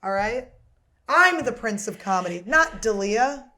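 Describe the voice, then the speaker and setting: A woman's voice: on the high side, lively intonation, measured pace, a crowd in the background. A woman in her thirties hosting a comedy podcast, telling rambling stories in casual chat, crude and joking. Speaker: podcast host.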